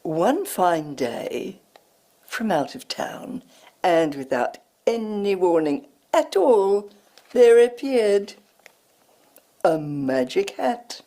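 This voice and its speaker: A woman teacher reading a picture book aloud in an expressive sing-song voice. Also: medium pitch, extremely slow.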